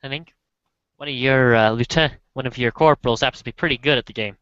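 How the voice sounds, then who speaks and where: A man's voice: mid-range voice, fast, fairly bright tone, clean tone, dry recording. A man running a tabletop role-play as game master, narrating casually with playful asides. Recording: muffled dry lo-fi recording.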